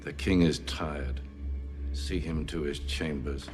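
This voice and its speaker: An actor playing a cold, commanding aristocratic patriarch in a TV drama, speaking in a low, measured, authoritative way. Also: male voice, steady tone, a little mellow, soft background music. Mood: dismissive. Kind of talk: TV drama acting.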